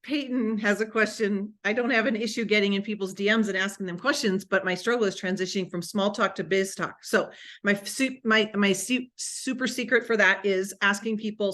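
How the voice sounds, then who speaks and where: A woman business coach leads a live online session over a video-call mic. She talks with bright energy and slips readily into playful acted-out exchanges to make her points. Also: medium pitch, brisk. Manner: energetic, acts out sample dialogue.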